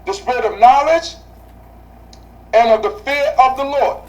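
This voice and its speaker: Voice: sits high, unhurried, a little mellow, far from the mic, poor audio. A Bible study teacher speaking to a class, asking rhetorical questions and repeating key phrases for emphasis.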